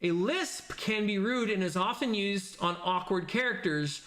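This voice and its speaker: A man talks loosely on a livestream, pausing with fillers as he reacts to comments. His voice sits high and bright. The room around him is echoey. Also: expressive. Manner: rambling, thinking aloud with many fillers. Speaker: streamer reading viewer comments. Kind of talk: casual livestream chat.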